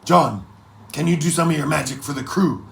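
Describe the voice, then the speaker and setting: A boastful, jolly pirate king, voiced by a man, blusters loudly with a raised, gravelly voice. He teases and exaggerates in this storybook reading. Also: fairly high pitch, moderate pace, a little hiss or hum. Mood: jovial. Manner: blustering, teasing.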